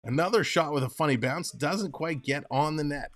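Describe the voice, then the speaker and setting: This livestream host speaks at a moderate pace in a slightly high, fairly bright voice. He calls hockey play-by-play cheerfully and chats with viewers as he goes.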